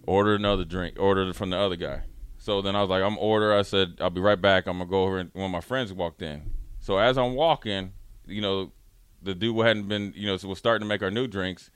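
A man hosting a radio talk show, telling a story in a casual, animated way and acting out his friends' lines. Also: deep voice, fairly quick, clean tone, no echo.

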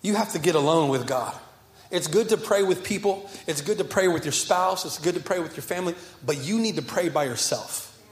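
High-voiced pastor preaching in an echoey room. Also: male voice, a little fast. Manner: impassioned preaching, repeats phrases, rises then drops to soft. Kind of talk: sermon. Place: church sanctuary with congregation.

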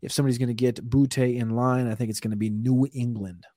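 A man's voice: medium pitch, steady tone, fast, mellow, no echo, clean studio sound. A man co-hosting a fantasy football draft show, talking through picks in a rambling, casual way, sometimes stuttering on names. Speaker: podcast co-host.

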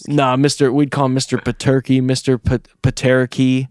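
In clean studio sound with no echo, a young man co-hosting a podcast meanders through a story, cursing liberally as he chats. His mid-range voice is level, fairly quick and darkish in tone.

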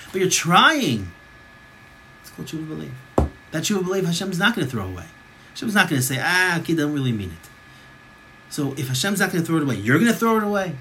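A man's voice: medium pitch, a bit bright, slight background noise. A man teaching a Torah class as a rabbi, emphatic, often repeating phrases for stress and mixing in Hebrew and Yiddish terms.

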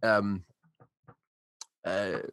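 A man's voice: fairly low pitch, fairly even intonation, drawn-out words, fairly bright tone, clean tone, no echo. An American man in casual conversation, telling a long story with plenty of likes and you-knows. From United States. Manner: rambling with many fillers and restarts. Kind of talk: casual chat.

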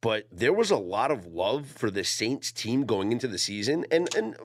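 A man co-hosting a betting podcast who talks through games in a casual way. His pitch moves animatedly up and down around a middle register. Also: normal speed. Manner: lively, animated analysis of games. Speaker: sports betting podcast co-host. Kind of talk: casual sports talk.

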